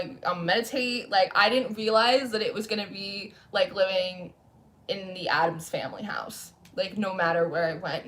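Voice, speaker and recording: A woman's voice: on the low side, fairly bright tone. Chatty young woman on a livestream. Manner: chatty, rambling, reads and answers comments. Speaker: tarot reader streaming live. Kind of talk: casual livestream chat. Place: home room lit by candles.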